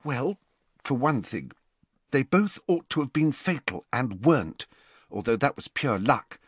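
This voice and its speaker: A man reading aloud and voicing a clever teenage girl who sounds stuffed up with a cold and speaks quietly. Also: medium pitch, big pitch swings, a little slow, husky, no echo, voice pushed up. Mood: quiet, reasoning.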